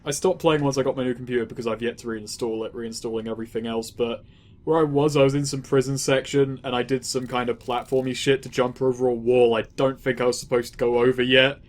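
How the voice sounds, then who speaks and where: A man's voice: mid-range voice, steady tone, fast talker. Laid-back young man who swears casually. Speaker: let's play co-commentator. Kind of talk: casual gaming commentary.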